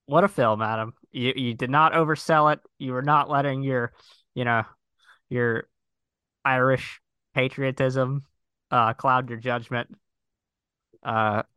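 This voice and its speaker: A man's voice: medium pitch, fairly even intonation, unhurried, pauses often, bright, forceful tone, smooth, dry recording. A man co-hosting a casual film podcast, enthusiastic and jokey, often stammering and restarting his sentences. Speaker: podcast co-host. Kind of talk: casual conversational film review.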